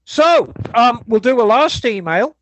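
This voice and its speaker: High-voiced man hosting a casual chat. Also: a little slow, dry recording. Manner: relaxed, rambling, reads listener emails. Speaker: podcast host.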